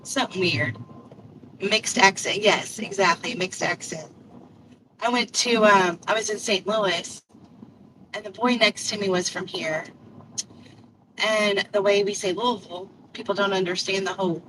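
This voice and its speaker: A woman's voice: medium pitch, steady tone, measured pace, pauses often. An older woman from Kentucky with a country accent, chatting in a rambling, self-deprecating way while she drives for deliveries and streams live. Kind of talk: casual chat. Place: in a car while driving. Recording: distant phone mic with faint road noise.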